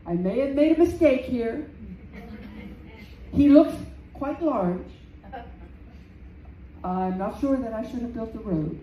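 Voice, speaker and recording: A woman playing a booming Irish giant hero. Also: expressive, slow, pauses often, muffled recording. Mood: worried. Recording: roomy, distant, faint background noise.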